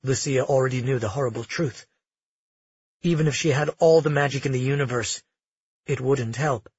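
Husky male audiobook narrator. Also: medium pitch, darkish tone, dry recording, muffled recording. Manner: measured, dramatic storytelling.

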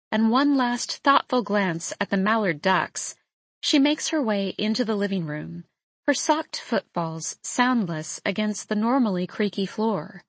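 Woman narrator, first-person audiobook, soft measured reading, mid-pitched, dry close sound. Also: dry recording.

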